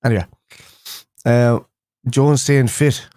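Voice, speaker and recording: A man's voice: medium pitch, fairly even intonation, takes it slowly, mellow, dry recording, studio quality. A young man hosting a casual fan live stream, chatting loosely with viewers and rambling through restarts and fillers. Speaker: fan show host.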